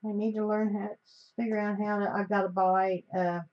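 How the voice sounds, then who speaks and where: A woman's voice: mid-range voice, level tone, a little fast. A woman from the United States hosting a live stream while she crafts, talking in a chatty, rambling way that often trails off mid-sentence. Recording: slightly dull, faint hiss.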